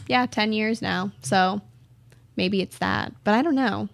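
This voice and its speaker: A woman's voice: mid-range voice, lively intonation, moderate pace, vocal fry, no echo. A teenage girl from California hosting her own radio show, chatting and rambling with frequent giggles. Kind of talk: casual solo talk show.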